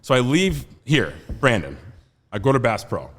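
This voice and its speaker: A man's voice: mid-range voice, normal speed. Thirtysomething guy telling a story casually, laughs a lot, roomy echo. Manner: animated, laughing often, many fillers. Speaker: podcast guest. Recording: roomy studio reverb.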